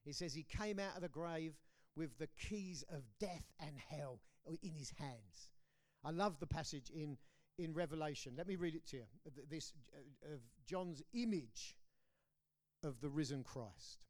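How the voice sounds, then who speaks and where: High-voiced preacher, British accent. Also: male voice, a little slow. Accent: British English. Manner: emphatic, swings between loud declarations and hushed lines. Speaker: pastor. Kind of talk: sermon. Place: church hall.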